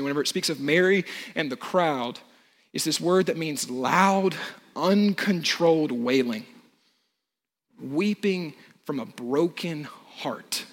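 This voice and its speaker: Young pastor preaching, kinda high voice, hushed slow on big words then pushes louder, church reverb trailing. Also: male voice. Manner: earnest preaching, drops soft and slow on key words, rises with force. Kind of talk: sermon.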